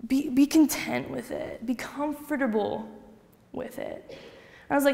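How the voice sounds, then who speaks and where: A young woman giving a personal faith testimony to a group, telling her story with lively acted-out dialogue. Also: high voice, a little slow, gravelly. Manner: animated storytelling, acting out quoted dialogue. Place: hall with a group. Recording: long reverb of a hall.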